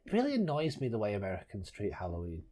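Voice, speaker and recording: A man's voice: fairly low pitch, huge pitch swings, fast, warm tone. A man co-hosting a casual movie commentary, blunt, dry and grumbling. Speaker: co-host of a film commentary.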